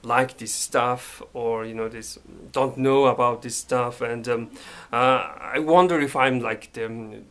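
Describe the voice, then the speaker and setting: A man speaks in a slow, unhurried way, his pitch sitting in an ordinary middle range. He talks casually to camera from his bedroom, halting often and filling gaps with "uh" and "you know". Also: steady tone, fairly bright tone. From Mongolia. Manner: hesitant, halting, full of fillers. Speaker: vlogger.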